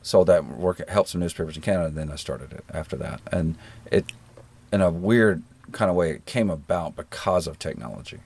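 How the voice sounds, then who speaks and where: A middle-aged man with a generic American accent, a guest in a relaxed interview, telling stories in an easygoing, self-deprecating way. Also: sits low, a little fast, creaky, slightly rough. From rural Georgia, American South. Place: living in New Zealand.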